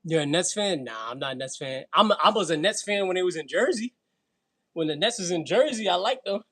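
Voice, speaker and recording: Husky Brooklyn guy chatting mid-workout. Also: high-pitched, expressive, a little fast, fairly bright tone, low-quality recording. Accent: New York. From Brooklyn, New York. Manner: slangy, laughing, chatty between sets. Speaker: fitness livestream host. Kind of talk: casual livestream chat while working out.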